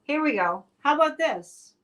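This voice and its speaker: A psychic live-stream host, a woman with a voice on the high side and a bit bright, talks at a moderate pace. She gives casual political commentary, chatty and exclamatory, with sarcastic asides.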